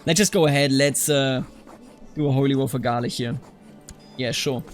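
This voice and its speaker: A young man from Germany giving casual gameplay commentary on a strategy game, animated and quick to play-act outrage, scolding the game's characters. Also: mid-range voice, soft background music. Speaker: strategy game let's-player.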